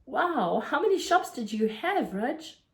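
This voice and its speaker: A woman reading aloud, voicing an upset, impulsive rich schoolboy in a raised, higher, emphatic voice. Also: big pitch swings, measured pace, full character voice. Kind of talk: storybook read-aloud.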